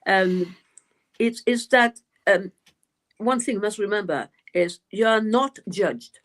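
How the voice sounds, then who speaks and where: A woman's voice: mid-range voice, slow. Brief: rambling, chatty woman from French Algeria, a guest medium on a live stream. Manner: chatty, rambling, many restarts.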